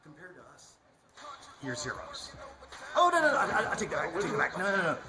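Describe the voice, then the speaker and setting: A man's voice: high-pitched, huge pitch swings, fast. A man cutting a boastful, mocking wrestling promo with laughter in his voice.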